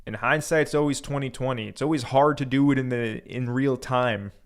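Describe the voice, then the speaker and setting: A man's voice: mid-range voice, normal speed, clean tone. Casual man hosting a livestream. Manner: loose, conversational, reads viewer comments aloud, frequent fillers. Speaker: crypto livestream host.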